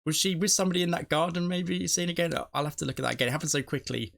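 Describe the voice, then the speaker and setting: A man's voice: a little high, rapid-fire, creaky, fairly bright tone. A man hosting a TV reaction video, talking casually and emotionally as he thinks aloud, often restarting his sentences. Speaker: TV reaction channel host.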